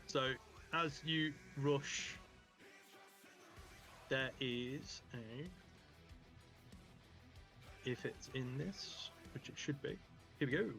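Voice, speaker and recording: A man's voice: mid-range voice, extremely slow, pauses often, pushed and bright, soft background music. A man running a tabletop game as game master, narrating casually with a rambling delivery. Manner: casual, rambling, many fillers and restarts.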